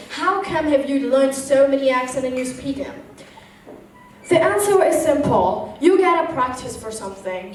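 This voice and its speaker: A teenage girl with an Indian English accent gives an earnest motivational speech and keeps asking the audience rhetorical questions. Her voice is high. It rings through a large, very echoey hall and sounds distant from the mic. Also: a little hiss or hum. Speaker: motivational speaker.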